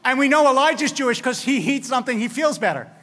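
High-voiced rabbi preaching in a hall. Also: male voice, lively intonation, fast talker, a bit bright. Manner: storytelling with wry humor and dramatic quoted lines. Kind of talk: sermon. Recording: long hall reverb.

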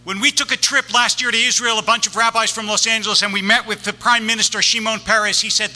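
A man's voice: high-pitched, level tone, fast, hardly any pauses, sharp tone, big-room sound. A man, a rabbi, giving a sermon in a synagogue, telling stories with wry comic timing.

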